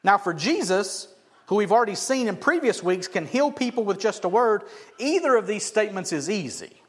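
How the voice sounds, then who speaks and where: A man preaching a sermon as pastor, animated and often asking the congregation questions. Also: high voice, moderate pace. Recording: echoey hall.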